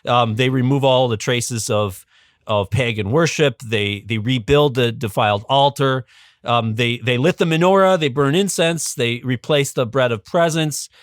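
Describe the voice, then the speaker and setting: A man in a podcast interview tells a story with animated energy, often stopping to restart a phrase or fill a pause with "um". His voice sits at a middling pitch and sounds dry and close, with no room around it. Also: no echo. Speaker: podcast guest, religious educator. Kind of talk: casual storytelling explanation.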